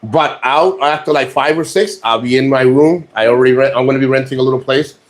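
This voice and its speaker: A man's voice: mid-range voice, brisk. Guy vlogging from his room, crude jokes, rambles and restarts a lot. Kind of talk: casual chat to camera. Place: rented room in the Philippines.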